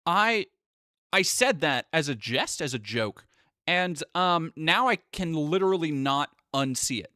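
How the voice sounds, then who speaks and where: A man's voice: fairly high pitch, lively intonation, unhurried, bright, forceful tone, dry recording, clean studio sound. A man live streaming, rambling through sarcastic casual commentary with lots of restarts.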